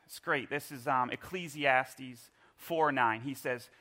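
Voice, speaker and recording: A middle-aged man preaching a sermon in church, telling a lively personal story and leading the congregation in call-and-response. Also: mid-range voice, slow pace. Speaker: pastor. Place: church service.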